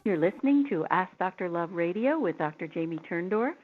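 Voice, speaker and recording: A woman's voice: lowish voice, expressive, fairly quick, music in the background. A woman hosting an advice talk show, chatty and telling personal anecdotes. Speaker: radio show host. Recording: tinny phone-like line.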